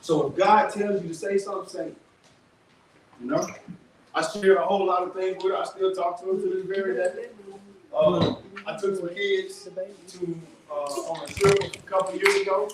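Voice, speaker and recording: A man giving an animated testimony talk to a workshop audience, telling stories in casual vernacular. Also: sits high, normal speed. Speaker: workshop speaker. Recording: echoey room, distant mic, background noise.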